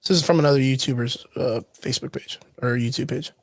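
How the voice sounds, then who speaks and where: A man co-hosting a casual livestream chat, talking in an animated way and laughing easily. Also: mid-range voice, quick pace, dry recording, clean studio sound. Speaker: podcast co-host.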